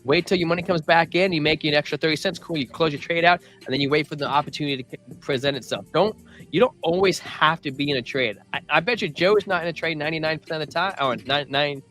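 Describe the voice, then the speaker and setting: A man with a fairly high voice talks loosely on a livestream, joking and wandering from point to point. Faint music plays under his voice. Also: fast, a bit bright. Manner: rambling, joking, reads chat aloud. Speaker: crypto show co-host. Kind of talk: casual livestream chat.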